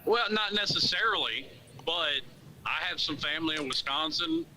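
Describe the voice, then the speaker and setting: A man with a higher, very bright and sharp voice joins a casual live-stream chat. He makes teasing wisecracks from a remote link with faint noise under it. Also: expressive, moderate pace, rough recording. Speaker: co-host.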